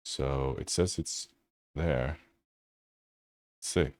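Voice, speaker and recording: A man's voice: very deep voice, very slow, no room sound, clean studio sound. A man hosting a tech channel, giving loose, casual commentary over his screen and thinking aloud with fillers.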